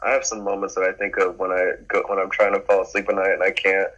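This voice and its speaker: A man, co-hosting a podcast and telling rambling, animated stories in casual chat. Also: low voice, fast, muffled recording. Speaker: podcast co-host.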